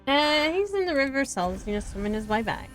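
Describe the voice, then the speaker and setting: A woman's voice: high-pitched, big pitch swings, a little fast, a bit bright, faint music behind. Playful woman streamer reacting. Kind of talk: casual live game commentary.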